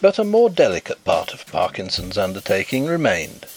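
Gravelly male audiobook narrator. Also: sits low, wildly swooping pitch, moderate pace, soft background music, poor audio. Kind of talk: scripted narration.

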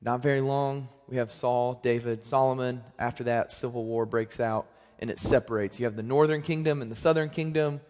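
A young man preaching a sermon as pastor, in a conversational, joking manner with lively swings in pitch and loudness. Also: moderate pace, hardly any pauses. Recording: long hall reverb.

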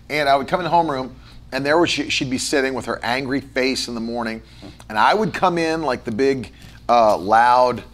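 A man's voice: mid-range voice, a bit bright. A man preaching a sermon as pastor, moving between a chatty storytelling tone and emphatic, rhythmic lists of repeated words. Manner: conversational storytelling with fillers.

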